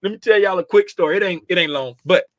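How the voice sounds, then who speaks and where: A middle-aged man hosting a casual livestream, greeting viewers by name, sometimes dropping to a hushed, confiding tone. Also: sits high, fast, no room sound. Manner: drops to a hushed, confiding tone at times. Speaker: livestream host.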